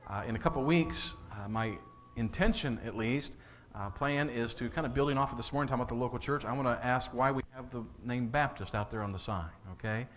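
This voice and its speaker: A man's voice: medium pitch, fairly quick, few pauses, a bit bright. A man, the pastor, giving casual closing announcements with frequent fillers.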